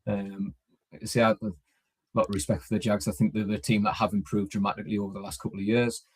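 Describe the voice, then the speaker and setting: Co-host, husky and lowish, halting casual talk. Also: male voice, little pitch movement. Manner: halting, restarts often. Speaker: podcast co-host. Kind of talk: casual podcast chat.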